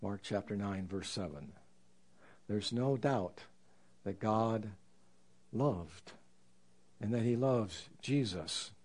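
A man preaching a sermon in an earnest, reflective way, slowing down to stress scripture. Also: lowish voice, a little mellow. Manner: earnest, reflective, with slow emphatic scripture quotes.

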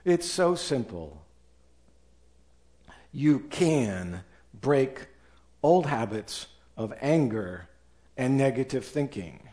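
A man's voice: mid-range voice, expressive, extremely slow, long pauses, dark tone. A man preaching a sermon as pastor, acting out doubters and angry people in quoted voices.

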